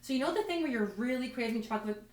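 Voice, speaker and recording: A woman's voice: a little high, expressive, rapid-fire, a little mellow. A woman doing stand-up, telling self-deprecating stories in a rambling way full of restarts. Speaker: stand-up comedian. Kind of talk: stand-up comedy storytelling. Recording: roomy, distant mic.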